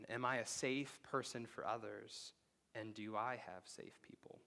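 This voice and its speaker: A pastor preaching to his congregation in a church sanctuary. His voice sits a little low, and his delivery is loose and conversational. He drops to a near-hush when he wants a line to land. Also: steady tone, unhurried, vocal fry. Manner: conversational, drops to a hushed voice for emphasis. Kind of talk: sermon.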